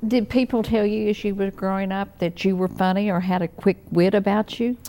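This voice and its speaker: A woman interviewing a guest, asking measured, polite questions. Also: mid-range voice, steady tone, mellow.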